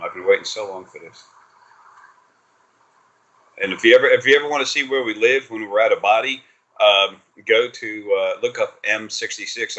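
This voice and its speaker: A man's voice: lowish voice, fairly bright tone, low-quality recording. A man giving a casual spiritual reading over a video call, rambling and swearing, with many fillers and restarts. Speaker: spiritual reader.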